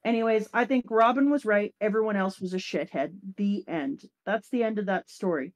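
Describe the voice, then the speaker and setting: A woman hosting a casual talk show, recapping an anime episode in lively chat and briefly acting out the characters' lines. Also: medium pitch, normal speed. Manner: animated, acts out character lines. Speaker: podcast host.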